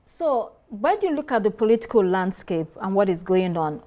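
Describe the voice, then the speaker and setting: Calm woman asking questions. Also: medium pitch, normal speed. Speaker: interviewer. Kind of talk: political interview.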